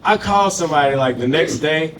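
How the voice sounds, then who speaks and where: A man's voice: fairly high pitch, lively intonation, a little fast, fairly bright tone, a little hiss or hum. A man doing a loose, profane stand-up comedy set on a club stage, working the crowd. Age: adult with a grown daughter.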